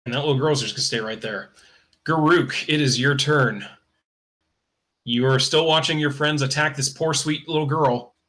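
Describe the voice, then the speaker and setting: A man's voice: on the high side, normal speed, a bit bright. A man narrating a tabletop game as game master, in a casual, loose style with fillers like "kinda" and "uh".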